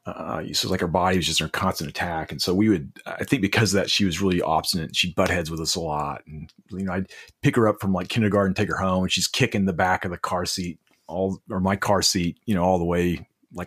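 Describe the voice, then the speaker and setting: Very deep husky-voiced man. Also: steady tone, fairly bright tone. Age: middle-aged. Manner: halting, heartfelt, many restarts. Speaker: podcast guest, leadership coach. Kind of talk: casual interview storytelling.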